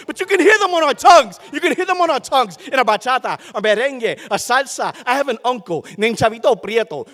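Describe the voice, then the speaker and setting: Man, slam poet, spoken word, very high voice, echoing hall. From Puerto Rico. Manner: rhythmic, impassioned, building to shouts. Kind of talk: spoken word poetry performance. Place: stage at a live poetry event. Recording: long reverb of a large hall.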